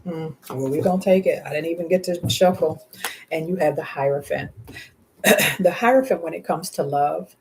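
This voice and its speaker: A woman giving a live tarot reading in a casual, slangy way, speaking warmly to the viewer and to spirit guides, often breaking into laughter. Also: sits low, gravelly, slight background noise. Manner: heartfelt, often laughing between words. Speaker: tarot reader.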